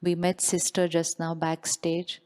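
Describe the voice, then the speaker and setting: A woman's voice: fairly low pitch, monotone, measured pace, a little mellow, clear, resonant tone. A woman giving a motivational spiritual talk to a live audience, often asking questions and repeating them. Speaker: spiritual speaker. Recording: long hall reverb.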